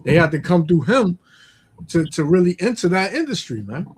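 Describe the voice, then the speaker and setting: A man of middle pitch talks in loose, casual slang. He backs up his co-hosts with constant affirmations and moralizes about worldly corruption in a preachy way. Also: sing-song, moderate pace, a little hiss or hum. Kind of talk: casual religious chat.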